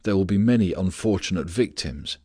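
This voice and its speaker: A man reading the lines of a worried adult male adjutant in an audiobook, in a low, dry, even voice. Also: a little fast, slightly rough, dry recording. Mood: earnest.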